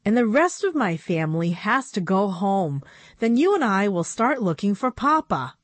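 A woman's voice: mid-range voice, very animated, moderate pace, no room sound. A woman reading a storybook aloud, voicing a sensible, determined young girl doll who takes charge.

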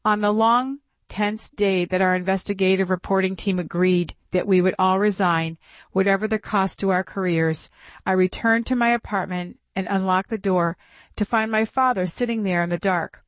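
A woman narrating a memoir audiobook in a measured, steady reading voice, close to the mic. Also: medium pitch, dry recording.

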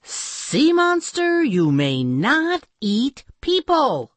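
A prim young princess with a secret hero side speaks in a high, lively voice, as a woman reader takes her on. When facing danger she turns firm and commanding, in children's storybook fashion. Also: very slow, no echo, exaggerated voice.

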